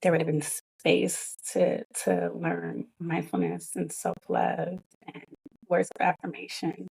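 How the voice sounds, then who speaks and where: A woman's voice: on the low side, little pitch movement, slow pace, creaky, darkish tone, husky, poor audio. A woman who teaches yoga to children, answering interview questions earnestly and laughing easily.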